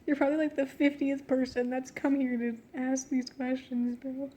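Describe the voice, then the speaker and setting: A woman's voice: sits high, little pitch movement, normal speed, few pauses, warm tone, a little hiss or hum. A woman reading aloud a story she wrote as a child, breaking off to laugh and mock it. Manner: giggly, self-mocking, breaks off to laugh. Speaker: reader of her own childhood story. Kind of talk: casual reading with joking commentary.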